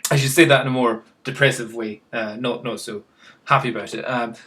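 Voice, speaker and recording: A man's voice: medium pitch, fairly even intonation, a little fast, a bit bright. A man chatting casually to camera in a rambling, self-mocking way, chuckling at himself. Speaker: vlogger.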